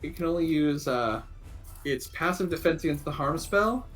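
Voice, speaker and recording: Guy gm'ing a tabletop game, halting casual narration, faint music under it. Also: fairly high pitch, animated, fairly bright tone. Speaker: game master. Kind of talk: running a tabletop game over voice chat.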